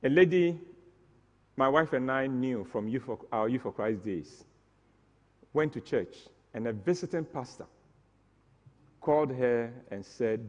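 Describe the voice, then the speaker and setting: A man's voice: medium pitch, animated, measured pace, pauses often, darkish tone, long reverb tail, lo-fi sound. A man tells a comic story on stage, acting out the scenes with mock drama. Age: 60s. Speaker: stage performer.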